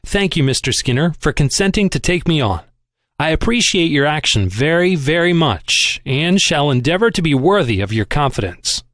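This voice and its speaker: A man reading a novel aloud as scripted narration, giving the characters their own voices in a lively, expressive way. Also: fairly high pitch, normal speed, no room sound, studio quality. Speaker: audiobook reader.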